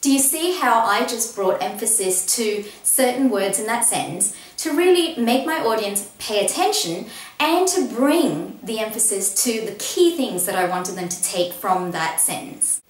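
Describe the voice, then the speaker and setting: A woman's voice: medium pitch, lively intonation, measured pace, roomy sound, distant mic, low-quality recording. A woman giving an upbeat, encouraging lesson on presenting, stressing key words as she talks to the camera. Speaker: presentation coach. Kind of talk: instructional talk to camera.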